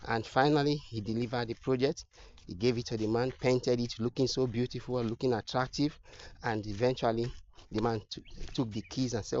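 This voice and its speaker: Male motivational speaker, earnest, emphatic storytelling, mid pitch, muffled lo-fi sound. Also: steady tone, moderate pace, a little mellow, slight background noise. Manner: earnest and emphatic, repeats phrases. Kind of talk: inspirational storytelling. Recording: slightly muffled lo-fi recording.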